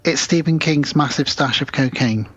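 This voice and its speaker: A husky-voiced man talks through a film's plot for his co-host, casually and with plenty of swearing. He slips into the characters' lines as he goes. The audio is dull and lo-fi, like a home podcast setup. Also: mid-range voice, normal speed, fairly bright tone, dry recording. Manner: retelling a film plot with acted quotes, sweary. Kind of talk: casual film recap chat.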